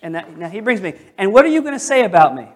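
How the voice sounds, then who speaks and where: A male pastor preaching a sermon in a church, questioning the congregation and slowing down to stress key phrases. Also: high voice, very animated. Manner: emphatic, slows down on key phrases. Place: church sanctuary.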